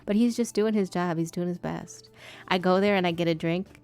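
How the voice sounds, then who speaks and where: A woman's voice: on the low side, fairly even intonation, a little fast, darkish tone, clean tone. A woman streamer chatting casually while she draws, swearing freely and now and then putting on a polite customer-service voice.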